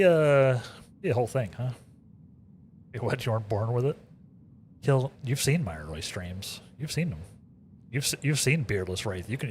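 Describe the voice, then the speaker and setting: Here an American gamer chats loosely with his live audience, rambling on and repeating himself between asides to chat. His voice sits in the mid range, and a slight hiss or hum can be heard.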